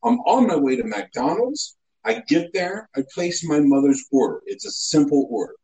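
A man with a high, bouncing voice spins a casual comic story, swinging his pitch all over the place. He sounds mock-indignant and animated, building up small details for laughs. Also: moderate pace, low-quality recording.

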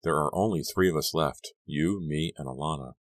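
A man's voice: a bass voice, moderate pace, no room sound. A man voicing a nervous teenage girl who speaks in a guarded, tense way.

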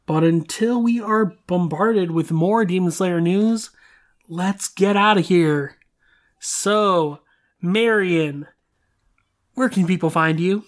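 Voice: mid-range voice, slow. Chatty podcast host speculating. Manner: chatty, speculative, lots of fillers. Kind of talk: casual chat.

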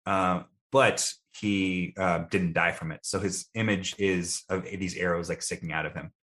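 Deep-voiced young man, easygoing. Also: steady tone, unhurried, fairly bright tone. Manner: easygoing, thoughtful, self-deprecating. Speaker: guest. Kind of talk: casual interview answers.

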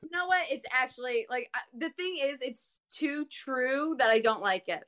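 A woman's voice: sits high, moderate pace, bright, forceful tone. A young woman guesting on a podcast, talking hesitantly with lots of fillers and frequent laughs. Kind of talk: casual chat.

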